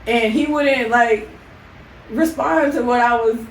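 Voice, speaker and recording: This is a woman chatting with her partner on a podcast, her voice sitting a little high. She tells stories with lively energy and laughs freely. The mic is set back in an echoey room, with a faint hiss underneath. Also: slow. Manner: animated storytelling with frequent laughter. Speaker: podcast co-host. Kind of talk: casual couple chat. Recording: roomy, distant mic, faint noise.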